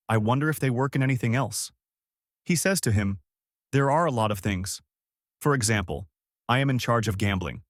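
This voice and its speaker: A man's voice: lowish voice, no room sound, clean studio sound. A man narrating a film summary, retelling the characters' lines in his own voice. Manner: flat storytelling, quoting characters in his own voice. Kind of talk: movie recap narration.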